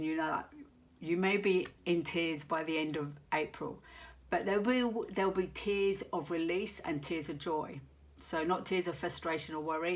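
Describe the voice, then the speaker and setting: A woman giving a monthly tarot reading to viewers, talking in an earnest, meandering way and searching aloud for her words. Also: fairly low pitch. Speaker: tarot reader.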